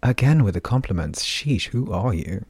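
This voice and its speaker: A man's voice: fairly low pitch, expressive, normal speed, a little mellow, husky, no room sound, voice pushed up. A man voicing a brash, teasing female magic healer who talks breezily and sarcastically, with plenty of fillers.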